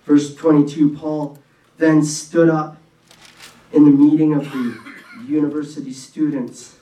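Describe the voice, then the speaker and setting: A man preaching a sermon in an earnest, conversational way, with quick bursts and restarts, recorded in a church hall. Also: a little high, level tone, dark tone, a little hiss or hum. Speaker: pastor. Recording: echoey room from a distance.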